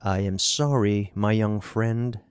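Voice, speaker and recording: Stern old alien father, read by a man, measured and grave, dry close sound. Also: lowish voice, fairly even intonation, smooth, no echo. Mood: reflective.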